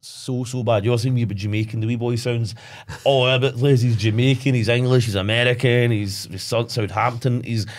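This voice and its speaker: A man's voice: medium pitch, fairly even intonation, fairly quick. A man co-hosting a podcast, rambling in casual chat, laughing often and restarting his sentences. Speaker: podcast co-host.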